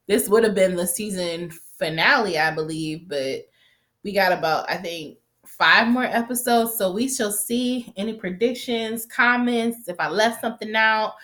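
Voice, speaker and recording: Chatty, swearing woman recapping a show. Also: medium pitch. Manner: chatty, animated, swears freely, quotes characters. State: stuffy nose from allergies. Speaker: TV recap vlogger. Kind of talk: casual recap review.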